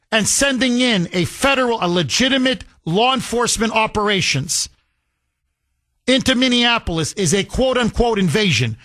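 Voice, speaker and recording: A man's voice: extremely high pitch, bright, forceful tone. A man hosting a political talk radio show, delivering a sarcastic, indignant monologue full of rhetorical questions and repetition. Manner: emphatic with repetition.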